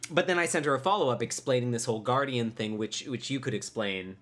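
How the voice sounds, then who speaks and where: A woman co-hosting a casual chat show, joking with dry, quick comebacks. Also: extremely low pitch. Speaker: co-host.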